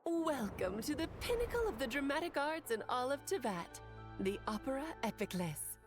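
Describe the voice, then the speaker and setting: A witch who loves putting on a show, her fairly high voice rising and falling with showy, mock-formal flourishes. She speaks in a video game scene, with soft game music underneath. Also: big pitch swings, normal speed. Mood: grandiose. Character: grand, playful adult female witch, theatrical and teasing.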